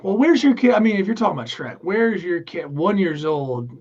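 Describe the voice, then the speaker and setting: A man with a Philadelphia accent co-hosting a podcast, rambling and excitable, swinging between loud bursts and quiet asides. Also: sits high, fairly quick, over a noisy crowd. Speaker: podcast co-host. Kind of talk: casual crude banter. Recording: dull lo-fi podcast audio.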